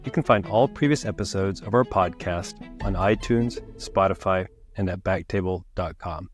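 A man's voice: sits low, moderate pace, soft background music. A man hosting a medical podcast, introducing the show and his guest in an upbeat, welcoming way. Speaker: podcast host. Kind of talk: podcast host introduction and interview.

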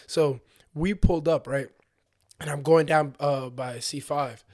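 A man's voice: a little high, fairly even intonation, unhurried, a little mellow. A young man animatedly telling a story in casual slang, acting out what people said.

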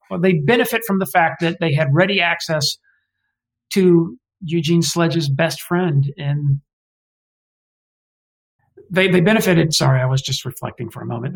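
A man's voice: on the high side, gravelly, rough recording. A man from Alabama talking as a guest historian in an interview, digressive and opinionated, often correcting himself mid-sentence. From Alabama, US South. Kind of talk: conversational interview.

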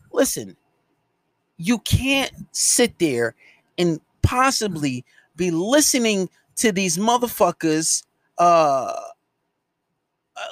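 A podcast host and dating coach with a high, somewhat bright voice rants solo, scolding listeners with heavy profanity and driving every point home. He sounds dry and close, with no room sound at all.

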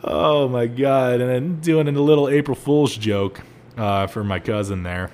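Young man, podcast host, lively storytelling, loud exclaims, faint background rumble. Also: normal speed. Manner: animated, laughing, rising to loud exclaims.

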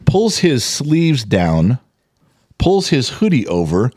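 A man's voice: mid-range voice, slow pace, no room sound, studio quality. A man co-hosting a podcast, telling a story in casual chat, cursing and acting out what people said. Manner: animated, profane, acts out quotes loudly. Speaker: podcast co-host.

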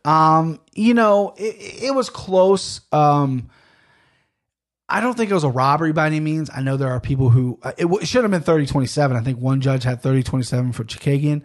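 Man, casual podcast monologue, rambling, fillers, slightly raised pitch. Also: fairly quick. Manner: rambling, chatty, frequent fillers and restarts. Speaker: podcast host. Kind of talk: casual solo podcast talk.

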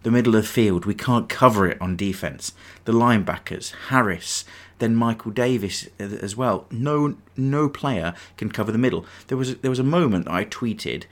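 A man's voice: lowish voice, moderate pace, hardly any pauses. A man hosting a casual sports podcast, ranting with frustration about his team. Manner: frustrated, rambling fan rant. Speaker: podcast host.

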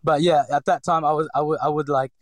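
A man in his forties from the Philippines, with a faint Filipino accent, tells his story in a hesitant, reflective interview marked by fillers and restarts. He talks fast at a fairly high pitch with little pitch movement, on a dry, rough recording.

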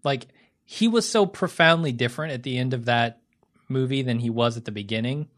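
A man co-hosting a casual film chat, measured and thinking aloud with fillers. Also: medium pitch, a bit bright. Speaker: podcast co-host.

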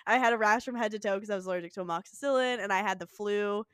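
A young woman co-hosting a podcast, telling stories fast and giggly with lots of "like"s. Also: mid-range voice, a bit bright, clear, resonant tone, no room sound, studio quality. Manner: giggly, fast storytelling with many "like"s. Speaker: podcast co-host. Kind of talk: casual chat recapping a show.

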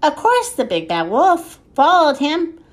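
A woman reading a children's story aloud in an unhurried, expressive way. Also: sits high.

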